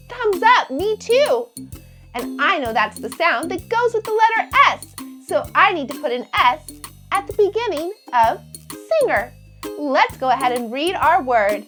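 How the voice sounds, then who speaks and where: A woman who teaches kindergarten, giving a slow, encouraging phonics lesson to young children and drawing out each letter sound. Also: high voice, sing-song, a bit bright, soft background music.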